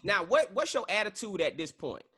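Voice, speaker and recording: A man's voice: sits high, sing-song, normal speed, bright, forceful tone, slightly rough. A man hosting a podcast, chatting casually and giving his opinions in a conversational way. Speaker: podcast host. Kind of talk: casual chat.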